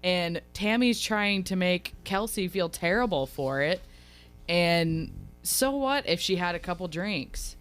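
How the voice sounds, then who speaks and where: A woman's voice: on the low side, slow pace, clean tone, faint music behind. A woman co-hosting a radio show, chatting casually and animatedly about a reality show. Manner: animated, acts out others' lines in quotes. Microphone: studio radio mic.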